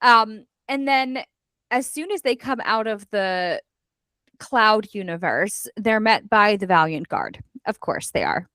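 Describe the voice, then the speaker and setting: A woman hosts a casual book club chat, recapping the plot in an animated way and slipping into the voices of the characters. Her voice sits at a middle pitch. The recording is dry and close, with no room echo. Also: slow pace. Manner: animated storyteller, acts out character lines; chatty with many fillers. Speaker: book club podcast host.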